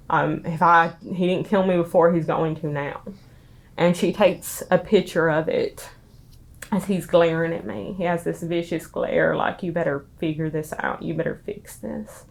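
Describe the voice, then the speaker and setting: This interviewee, a young Southern US woman, is in tears while offering emotional personal testimony. Her speech is quiet and broken up, stopping and starting again frequently. Pitched low with little variation, her voice sounds flat and muted.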